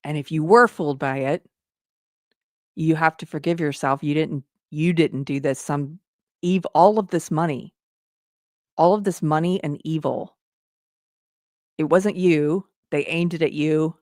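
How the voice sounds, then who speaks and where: A woman's voice: low-pitched, a little slow, long pauses, a little mellow, dry recording, studio quality. A woman hosting her own show, talking earnestly and directly to her viewers in a commentary style. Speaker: show host.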